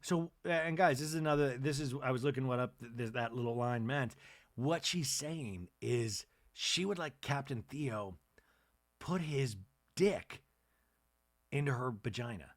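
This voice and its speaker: A man's voice: mid-range voice, a little slow. A man hosting a comic recap podcast, chatty and rambling, often interrupting himself. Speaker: podcast host.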